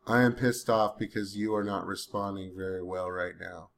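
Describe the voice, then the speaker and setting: A man's voice: low-pitched, steady tone, moderate pace, gravelly, a bit bright. A man talking to a voice assistant, saying punctuation aloud and questioning it with growing irritation. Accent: says he has a weird accent. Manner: speaking punctuation aloud, testing and bantering; grows irritated, curses. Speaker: user testing a chatbot. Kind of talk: dictating to a voice assistant.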